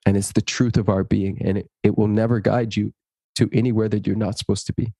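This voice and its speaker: Man, interview guest, low voice, husky tone, dry close sound, lively storyteller. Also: no room sound. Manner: animated, acts out dialogue in stories; slow, earnest inspirational delivery.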